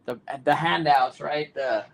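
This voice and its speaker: A man hosting a casual sports podcast, telling a story in an animated way with plenty of fillers. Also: on the high side, unhurried, gravelly. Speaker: podcast host.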